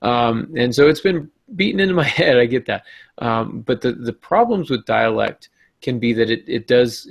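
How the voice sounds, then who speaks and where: A man with a gravelly, creaky voice hosts a writing podcast in a casual, thinking-aloud way. He hesitates often, restarts his sentences and pokes fun at himself. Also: mid-range voice. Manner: hesitant, many ums and restarts, self-deprecating. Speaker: podcast host. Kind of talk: casual discussion.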